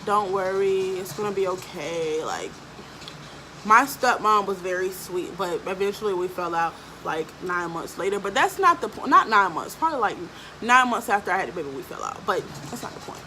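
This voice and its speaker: A woman's voice: mid-range voice, a little fast, a little hiss or hum, low-quality recording. Blunt, foul-mouthed young woman vlogger. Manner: blunt, profane, animated storytelling with frequent fillers. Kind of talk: casual storytelling vlog.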